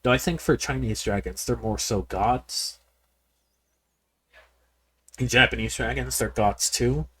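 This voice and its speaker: A man's voice: mid-range voice, a little slow, long pauses, breathy edge. A man giving casual, rambling commentary while playing a game, often repeating words and talking straight to his viewers. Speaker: game streamer. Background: people yelling in the background.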